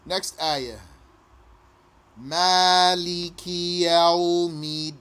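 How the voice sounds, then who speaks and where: A man teaching pronunciation patiently, repeating each phrase slowly and sometimes chanting it. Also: a little high, fairly even intonation, a bit bright, clean tone. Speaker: recitation teacher. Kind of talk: pronunciation lesson.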